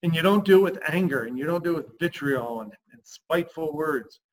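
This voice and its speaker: A man coaching husbands on a podcast, emphatic and lively, acting out the lines he quotes. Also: on the high side, fairly quick, low-quality recording. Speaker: relationship coach.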